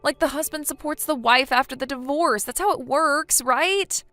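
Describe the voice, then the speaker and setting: Brief: woman voicing whiny, defensive young wife, text-story read, soft music behind. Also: high-pitched, moderate pace, no echo. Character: self-pitying young wife who cheated.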